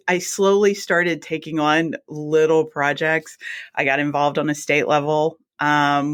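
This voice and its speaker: A woman, a guest telling her career story in a chatty, animated way and acting out her own reactions. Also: deep voice. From South Mississippi. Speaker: guest, anesthesiologist assistant. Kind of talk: casual storytelling interview.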